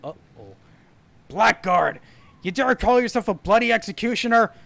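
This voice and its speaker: A man's voice: high voice, lively intonation, moderate pace, creaky, no echo, heavily acted. Stern ship's captain, formal and commanding, voiced by a man, game dialogue. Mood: angry. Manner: loud, indignant scolding.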